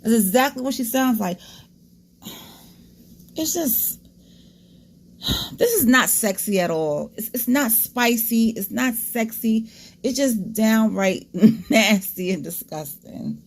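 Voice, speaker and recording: Gravelly-voiced woman vlogger, blunt commentary. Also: on the high side, expressive, slow pace, pauses often. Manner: candid, disgusted asides, talks straight to viewers. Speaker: commentary channel host. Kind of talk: casual commentary vlog.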